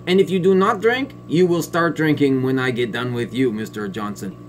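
A man playing a smug, biased female family court judge in a satirical sketch, talking in a pompous, condescending way with drawn-out sneering pauses. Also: mid-range voice, slight background noise, close to an everyday voice. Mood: sneering contempt. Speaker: comedic sketch performer.

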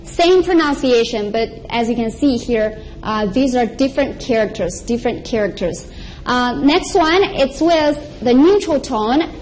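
A high-pitched woman teaches a beginner's language lesson at an unhurried, deliberate pace. She repeats each syllable several times so learners can copy her. Faint ambient noise sits under her voice. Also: expressive, a little mellow, rough recording. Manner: repeats each sound slowly and clearly for practice. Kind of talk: slow, patient language lesson. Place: TV studio.

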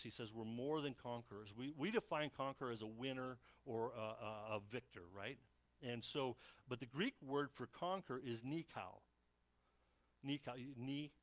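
Animated, bright-voiced man preaching a sermon. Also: medium pitch. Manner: animated, acts out Bible scenes in voices; frequent restarts and fillers. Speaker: pastor.

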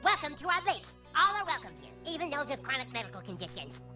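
A whiny little boy soldier in a video game. His voice is squeaky and extremely high, and it bounces around a lot. Game music plays under him. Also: very animated, fast talker. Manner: whiny, reluctant.

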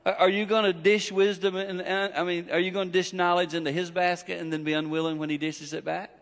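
A middle-aged man preaching a storytelling sermon in a church, animated and acting out family dialogue. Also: sits high, fairly quick. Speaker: guest preacher. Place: church sanctuary. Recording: long echo of a church hall.

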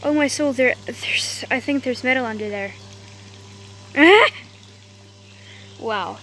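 A woman's voice: on the high side, normal speed, fairly bright tone, slight background noise. A woman from Africa, vlogging in a casual, rambling way outdoors in a garden and cooing at her dogs. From South Africa. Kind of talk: casual vlog chat.

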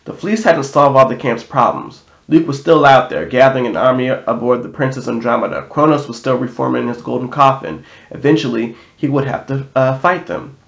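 A man's voice: medium pitch, fairly quick, gravelly, few pauses. A man reading a novel aloud in a casual way, now and then correcting himself. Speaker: audiobook reader. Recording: roomy echo.

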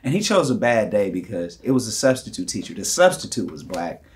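A young man, telling lively stories to the camera and acting out voices and punches. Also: on the low side, brisk. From United States. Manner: animated, acts out quotes and punches with sound effects. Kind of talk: casual storytelling.

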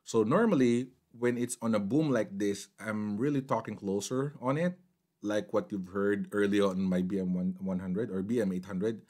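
A man's voice: on the low side, normal speed, darkish tone. A man casually reviewing microphones at his desk, chatty and mixing in phrases as he talks at varying distances from the mics. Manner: chatty, code-switching between English and Filipino phrases. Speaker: tech reviewer. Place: home desk setup. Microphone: condenser mics on desk at varying distance.

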